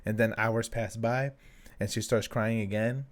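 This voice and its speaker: A man co-hosting a podcast as a new father, talking in a casual, halting way, with plenty of fillers, a few Spanish words, and his own past thoughts acted out. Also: on the low side, steady tone. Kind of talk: casual chat.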